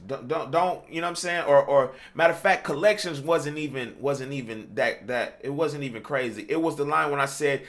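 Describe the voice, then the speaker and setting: A slightly fast, mid-range, somewhat bright male voice barely pauses as this rap coach explains his approach to verses. The tone is casual tutorial talk, heavy on "you know what I'm saying," with rapped samples mixed in.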